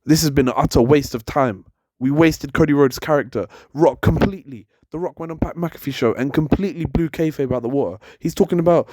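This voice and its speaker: A man's voice: on the high side, brisk, darkish tone, dry recording, clean studio sound. A young man delivering a heated, exasperated opinion rant as a commentator, hammering his points with repetition. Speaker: wrestling commentator and channel host.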